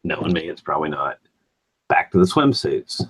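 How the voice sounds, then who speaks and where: A man's voice: a bass voice, big pitch swings, normal speed, fairly bright tone, husky, low-quality recording. A man hosting a casual morning chat show, asking rambling questions full of restarts.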